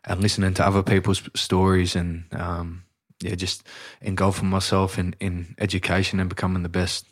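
A man's voice: sits low, completely flat delivery, moderate pace. An Australian rugby league player chatting as a podcast guest, laid-back and rambling, often saying "mate" and restarting his sentences. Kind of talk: casual podcast chat.

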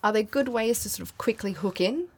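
A woman hosting an interview, asking friendly questions and giving quick affirmations. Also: on the high side, a little mellow, husky. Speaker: interview host. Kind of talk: interview conversation.

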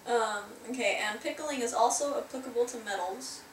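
A woman co-hosting a podcast in casual chat, lively and giggly. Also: on the high side, moderate pace. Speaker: podcast co-host. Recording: echoey room, distant mic, faint noise.

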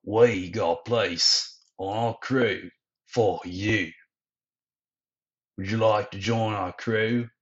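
A cheerful young pirate captain, as a man reads him out in a low voice. The audio is dull and lo-fi. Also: steady tone, slow pace, long pauses. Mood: reassuring.

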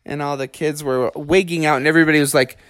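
A man's voice: fairly high pitch, fairly even intonation, fast talker, fairly bright tone, dry recording. A man telling a made-up story to children in a loose, chatty way, with slang and fillers.

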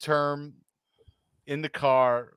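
A man's voice: fairly high pitch, little pitch movement, extremely slow, a bit bright, smooth, no echo. A man in a casual podcast chat who sets up his co-host's story with short, laid-back prompts and keeps laughing along. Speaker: podcast co-host.

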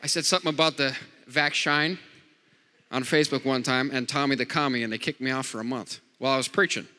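A man's voice: medium pitch, fairly even intonation, a little fast, pushed and bright. Fiery preacher man in a reverberant hall. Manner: jokey, call-and-response preaching with repeated amens. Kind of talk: sermon.

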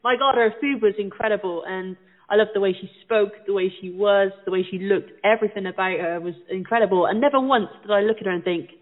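A man's voice: high-pitched, fast. A man in casual chat on a talk show, reminiscing earnestly. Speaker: co-host. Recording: tinny phone-like line.

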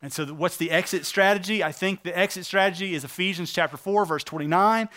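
A man preaching a sermon as a pastor, earnest and emphatic, slowing down to stress key phrases. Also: high-pitched, sharp tone.

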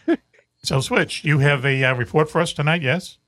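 A man's voice: a little high, normal speed, a bit bright, no echo, studio quality. A man hosting a talk show, loose and joking in his banter. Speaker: host. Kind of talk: casual radio chat.

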